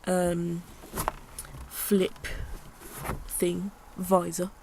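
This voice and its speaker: A young woman, chatting excitedly in a casual vlog with lots of fillers and a soft, half-whispered morning voice. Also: medium pitch, takes it slowly, gravelly, noisy background. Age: young adult. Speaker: vlogger.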